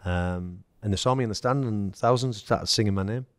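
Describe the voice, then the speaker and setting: Deep-voiced English man telling stories. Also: brisk, no echo. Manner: storytelling, acts out quoted dialogue, laughs. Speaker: former footballer, podcast guest. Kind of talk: casual anecdote telling.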